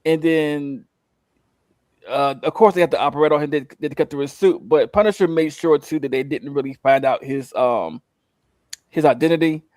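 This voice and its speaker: A man talking casually on a podcast, telling a story in a loose, rambling way full of fillers and acted-out lines. His voice sits a little high for a man. The sound is close and dry, with no room echo. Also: moderate pace. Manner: rambling, animated retelling with acted-out quotes. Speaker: co-host recapping a show.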